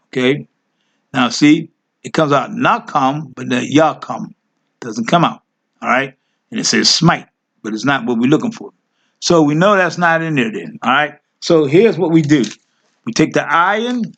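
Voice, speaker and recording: A man's voice: medium pitch, a bit bright. A man teaching a Hebrew word lesson, thinking aloud as he clicks through his screen, correcting himself and coaxing his listeners along. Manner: addresses listeners as family. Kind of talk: informal screen-share lesson.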